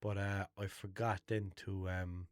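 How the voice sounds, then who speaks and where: A man's voice: low voice, flat delivery, a little slow, no room sound, studio quality. A young man with a Limerick Irish accent, hosting a podcast and telling rambling, sweary stories in an unscripted monologue. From Ireland. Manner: chatty, swears a lot, rambling storytelling with restarts. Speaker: podcast host.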